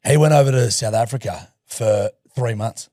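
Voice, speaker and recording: A man's voice: medium pitch, normal speed, dark tone, no room sound. A man with a mid-range voice co-hosts the chat, throwing in blokey jokes and slang as he goes. His voice sits close and dry in the recording. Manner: blokey, joking banter. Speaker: podcast co-host. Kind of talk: casual podcast chat.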